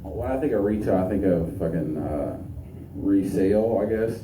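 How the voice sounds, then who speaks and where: A man's voice: low voice, normal speed, mellow. A young man doing a crude, profane stand-up set with crowd work, recorded from a distance in a noisy, echoey small venue. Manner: crude, profane, laid-back delivery. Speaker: stand-up comedian.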